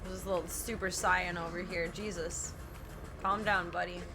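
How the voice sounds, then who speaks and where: A woman's voice: on the low side, steady tone, moderate pace, music in the background. A woman streaming a video game, chatting casually, swearing freely and breaking into laughing shrieks. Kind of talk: casual gameplay chat.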